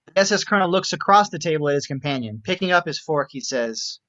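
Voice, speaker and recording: A man's voice: a little high, lively intonation, fast, pushed and bright. Wry male narrator on a lo-fi mic. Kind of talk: reading stage directions with commentary.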